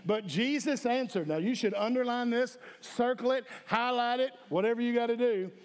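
High-voiced preaching man, echoing hall. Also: moderate pace, clear, resonant tone. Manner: emphatic, calls for audience response. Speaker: pastor. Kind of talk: sermon. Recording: echoey hall with long reverb.

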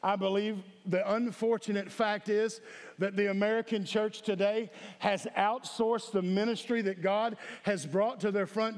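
Man, pastor, high voice, emphatic sermon delivery, reverberant church sanctuary. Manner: emphatic, calls for audience response. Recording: echoey hall with long reverb.

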